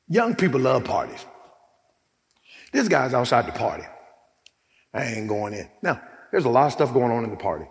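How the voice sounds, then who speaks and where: A man preaching a sermon in a church, animated and humorous, calling on the congregation for amens. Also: mid-range voice. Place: church hall. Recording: echoey hall.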